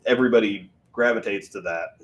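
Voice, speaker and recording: Low-voiced man chatting casually. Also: brisk, fairly bright tone, highs cut off. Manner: rambling, self-deprecating, restarts often. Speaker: podcast co-host. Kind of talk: casual chat.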